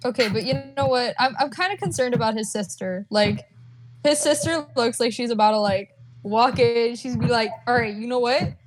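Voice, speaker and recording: A woman's voice: a little high, moderate pace. Young woman trading dry jokes on a podcast. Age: teens or young adult. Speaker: podcast co-host. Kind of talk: casual chat. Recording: noisy home recording.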